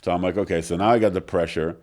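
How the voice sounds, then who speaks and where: This interview guest has a deep voice and talks fast, casually recounting a long story in a recording studio. He's animated, quoting the others in their own voices, with heavy use of fillers.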